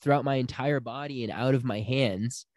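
A man's voice: medium pitch, normal speed, dry recording, studio quality. A young man telling a personal story in casual chat, acting out the people he quotes. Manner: animated storyteller, acts out quotes.

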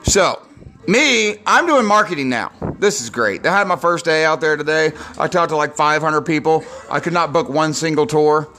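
A man's voice: fairly high pitch, moderate pace, sharp tone, a little hiss or hum. Sarcastic forty-year-old man ranting. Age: 40s. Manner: sarcastic, self-deprecating, swearing. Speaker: podcast host. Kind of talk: drunk comedic rant.

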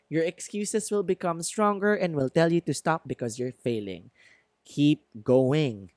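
A man's voice: a little high, no echo, studio quality. A man hosting a self-help podcast, talking earnestly and encouragingly to his listeners and laughing at himself now and then. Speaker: podcast host. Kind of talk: motivational self-help monologue.

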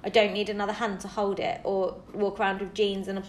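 A British woman co-hosting a podcast in casual chat, animated, laughing often and mimicking voices. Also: medium pitch, brisk, reverberant, a little hiss or hum. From Britain. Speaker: podcast co-host.

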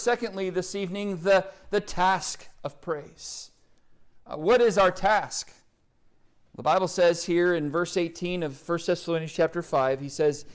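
High-voiced preaching man. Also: smooth. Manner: emphatic, builds to rising recitation of scripture. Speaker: pastor. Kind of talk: sermon.

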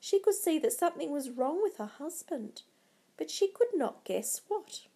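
A woman narrating a storybook in a dramatic, measured way. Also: high voice, very animated, warm tone.

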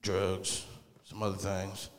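A man's voice: sits low, completely flat delivery, slow pace. A man doing a rambling, crude open-mic stand-up set in a small comedy club. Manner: rambling, crude and laid-back. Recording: club mic with long reverb.

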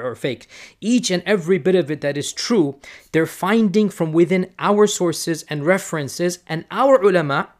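This is an impassioned man preacher speaking straight to camera. He presses his points hard and doubles words for emphasis. His voice sits somewhat high for a man. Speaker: Islamic preacher and teacher. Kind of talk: direct-to-camera rebuttal talk.

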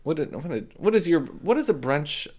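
A man's voice: on the high side, lively intonation, normal speed, darkish tone. Teasing, swearing man co-host. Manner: teasing, blunt, swears casually. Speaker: podcast co-host. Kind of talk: casual chat.

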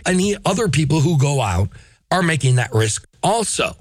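A middle-aged man hosts a casual podcast, ranting in a profane, animated way. His pitch leaps up and down expressively. The sound is dry and close, with no room echo. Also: normal speed. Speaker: podcast host. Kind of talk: casual opinionated chat.

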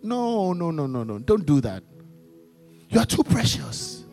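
High-voiced man preaching in a reverberant church. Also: sing-song, measured pace, a little mellow. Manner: emphatic, repetitive call-and-response preaching. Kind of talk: sermon. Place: church service. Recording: long hall reverb with faint music.

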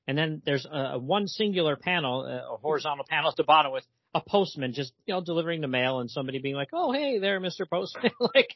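A man's voice: on the high side, fast, few pauses, no room sound, muffled recording. A man co-hosting a comics podcast in casual chat, talking in a hesitant, chatty way with many fillers.

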